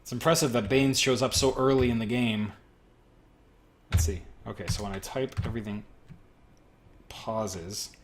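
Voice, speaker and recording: A man's voice: on the low side, fairly even intonation, normal speed, pauses often, a little hiss or hum. A man hosting a podcast, casually reading game text aloud and joking through a playthrough. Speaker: podcast host playing a game. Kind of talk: casual let's-play commentary.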